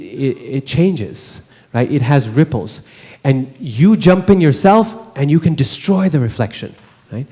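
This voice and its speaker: A man's voice: a little high, mellow, big-room sound. A man teaching a scripture class in a conversational way, often putting rhetorical questions to the listeners. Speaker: religious teacher. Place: temple hall.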